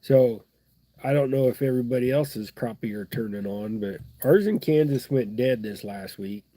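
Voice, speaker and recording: A man's voice: mid-range voice, moderate pace, mellow, dry recording. Stuffy-nosed man, folksy chatter. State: stuffed-up nose. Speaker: fly-tying livestream host. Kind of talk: casual live fly-tying chat.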